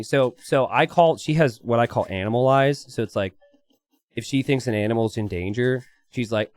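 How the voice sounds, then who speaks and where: A man's voice: mid-range voice, no room sound. A young man commentating a strategy game in a chatty, casual way, telling a personal story between plays. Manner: animated, chatty, lots of "like" and "right?".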